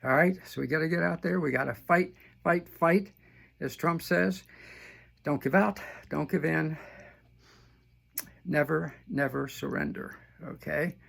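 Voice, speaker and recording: A man's voice: a little high, a little slow, creaky, pauses often, fairly bright tone, husky. An older man giving a scornful, mocking political rant, often repeating himself as he heats up. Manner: scornful, mocking, repeats words when heated. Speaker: political commentator.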